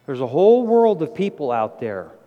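A middle-aged man preaching a sermon with emphatic delivery, his voice rising to loud exclamations. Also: fairly high pitch, big pitch swings, moderate pace, narrow, tinny audio, soft background music. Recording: long hall reverb.

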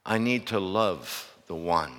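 A man preaching a sermon to his church. He swings from loud, impassioned outbursts to hushed asides and keeps asking the congregation rhetorical questions. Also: low-pitched, lively intonation, takes it slowly. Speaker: pastor. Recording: long reverb of a large hall.

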